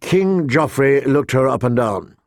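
A man narrating a fantasy novel as an audiobook, in a measured storytelling manner. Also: medium pitch, animated, dry recording, clean studio sound. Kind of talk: scripted narration.

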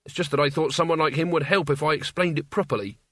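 A man's voice: on the high side, steady tone, fast, a bit bright, dry recording, pitched above the performer's own voice. An earnest young man pleads in a lifted, tired voice, as a male reader plays him. He sounds worn down but still eager. The sound is close and dry. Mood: pleading.

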